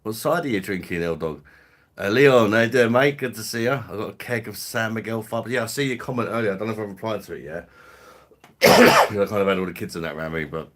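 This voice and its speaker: London bloke, cockney-ish, low voice, easygoing mate talk on a live stream. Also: male voice, fast talker, fairly bright tone, a little hiss or hum. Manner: matey, chatty, drops in slang and laughs. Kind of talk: casual live chat with viewers.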